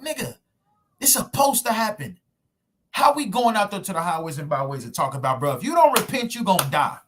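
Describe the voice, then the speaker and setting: Emphatic husky-voiced man preaching. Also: sits high, a bit bright. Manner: emphatic, conversational slang, rhetorical questions. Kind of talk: street preaching sermon video. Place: at home recording himself with screen share.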